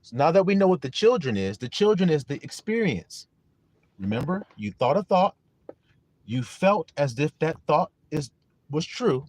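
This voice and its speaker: A man's voice: fairly high pitch, big pitch swings, moderate pace, darkish tone, no room sound. A man preaching a sermon on a live stream, emphatic and often asking listeners whether they understand. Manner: emphatic, repeats questions to listeners; greets viewers in chat. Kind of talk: livestream sermon.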